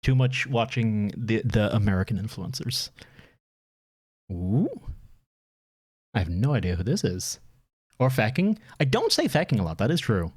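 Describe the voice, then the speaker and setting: Irish streamer, rambling and laughing. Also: male voice, lowish voice, sing-song, moderate pace, long pauses, darkish tone, breathy edge, dry recording, studio quality. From Ireland. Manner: rambling, self-mocking, laughs often. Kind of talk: casual stream chat reacting to videos.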